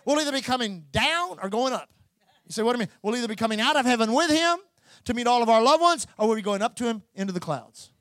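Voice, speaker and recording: A man preaching a sermon as pastor, building to loud, repeated calls to his church. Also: extremely high pitch, expressive, fast talker, dry recording. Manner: preaching with rising, shouted repetition.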